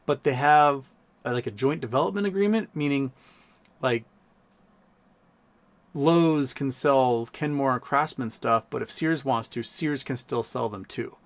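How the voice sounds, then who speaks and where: A man's voice: medium pitch, measured pace. A man in his thirties hosting a livestream, telling rambling stories in a casual chat with lots of fillers. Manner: rambling storytelling with many fillers. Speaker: livestream host.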